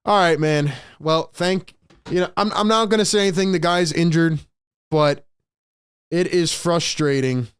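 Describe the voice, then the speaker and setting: Excitable man on a live sports stream. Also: on the high side, measured pace, smooth, dry recording. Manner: emotional, swings between hyped shouting and frustrated muttering; repeats lines for emphasis. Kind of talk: live play-by-play reaction stream.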